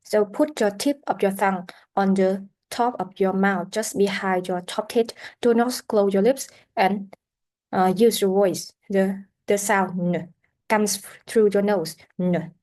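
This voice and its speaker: A woman teaching a pronunciation lesson, pausing on fillers and repeating sounds and words for students to practise. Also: medium pitch, a little mellow.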